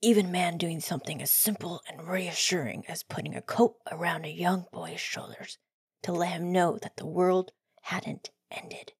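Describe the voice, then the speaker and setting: A woman doing an impression of a brooding masked male superhero, speaking in a hushed, half-whispered gravelly delivery. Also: on the low side, fairly even intonation, normal speed, no echo, studio quality, exaggerated voice. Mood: solemn.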